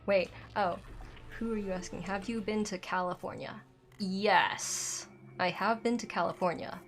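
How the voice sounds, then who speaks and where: A woman's voice: medium pitch, steady tone, unhurried. Woman, game streamer, casual chat, dry throat, slight lisp, faint background music. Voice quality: slight lisp from dental aligners. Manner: chatty, rambling, reads chat aloud. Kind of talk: casual live gameplay chat.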